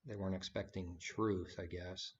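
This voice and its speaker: A man's voice: low-pitched, flat delivery, moderate pace, slight background noise. A man giving an informal spoken sermon, rambling and conversational, with frequent fillers and restarts. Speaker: preacher. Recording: dull lo-fi recording.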